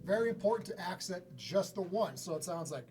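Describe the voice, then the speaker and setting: A man with a slightly raised speaking pitch walks through a drum lesson in an easygoing, chatty way, clearing his throat now and then. A drum kit rings out loudly around his explanations. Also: brisk, loud music behind the voice. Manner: relaxed and conversational, often clears his throat. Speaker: drum teacher. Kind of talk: casual instructional lesson. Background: snare, bass drum and hi-hat played by the speaker.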